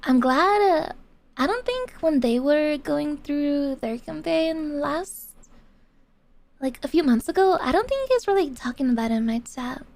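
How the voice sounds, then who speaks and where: A woman's voice: sits high, lively intonation, a little slow, a little mellow. A young woman streamer chatting casually to her viewers, swearing a lot and using gamer slang. She swings between giggles and rants. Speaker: VTuber streamer.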